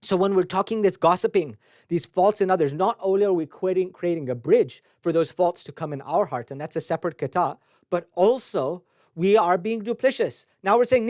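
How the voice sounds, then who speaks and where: A man's voice: sits high, a little fast, darkish tone, no room sound, clean studio sound. A man teaching on a webcast, telling stories and acting out quoted voices in a devotional talk. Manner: storytelling, acts out quoted voices. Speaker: spiritual teacher. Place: recorded for a webcast.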